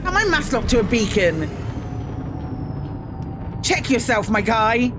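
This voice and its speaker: A British woman streams a space game over music, her fairly high voice very animated at a measured pace. She chats casually with viewers, greeting them in bursts, with plenty of ums and self-mocking asides.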